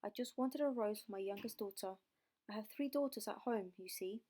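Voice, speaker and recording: A woman's voice: medium pitch, moderate pace, mellow, lightly acted. A woman voicing a worried, pleading father in an audiobook reading of a fairy tale. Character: worried middle-aged father, a merchant.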